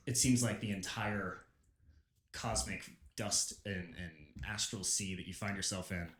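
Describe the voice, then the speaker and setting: A man narrating a tabletop game as game master, unhurried and descriptive. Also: low voice, fairly bright tone. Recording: echoey room with faint noise.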